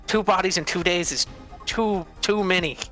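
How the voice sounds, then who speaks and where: A woman's voice: lowish voice, a bit bright, soft background music, close to an everyday voice. A woman voicing an earnest, nervous young male defense attorney in a fan game dub. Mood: shaken narration. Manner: nervous, eager, quick to exclaim.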